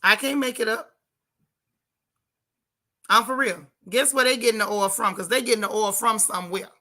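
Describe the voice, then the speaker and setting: A woman hosting a livestream from her car, giving sassy, animated commentary and reading viewer chat aloud. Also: a little high, normal speed. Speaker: livestream host. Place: in a car while driving.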